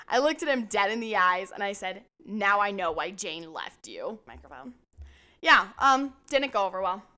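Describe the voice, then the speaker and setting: Bright-voiced, blunt young woman. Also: mid-range voice, big pitch swings, measured pace. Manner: blunt, self-mocking, swearing. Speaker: podcast co-host. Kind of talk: casual storytelling chat.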